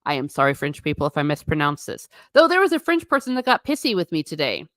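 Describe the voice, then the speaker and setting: Low-voiced woman musing alone, chatty and sarcastic. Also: sing-song, fast talker, a bit bright, no room sound, clean studio sound. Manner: chatty, rambling, sarcastic asides. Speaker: channel host. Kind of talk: casual solo musing. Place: living room.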